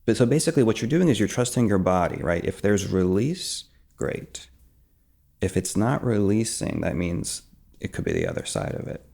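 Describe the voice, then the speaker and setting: A man teaching emotional release in a calm, soft way, dropping into whispers as he acts out examples. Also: on the low side, normal speed, creaky. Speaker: meditation teacher. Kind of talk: calm spoken guidance.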